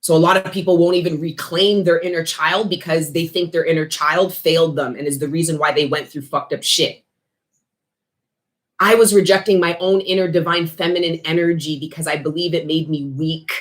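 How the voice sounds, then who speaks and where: A woman's voice: sits low, fairly even intonation, moderate pace. A woman giving a casual spiritual tarot reading, talking bluntly with lots of swearing and street slang. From Canada. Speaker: tarot reader.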